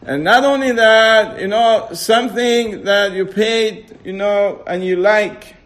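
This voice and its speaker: High-voiced man teaching a class. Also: a bit bright. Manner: keeps quizzing listeners with rhetorical questions. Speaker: teacher of a religious text class. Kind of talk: informal religious class with audience questions.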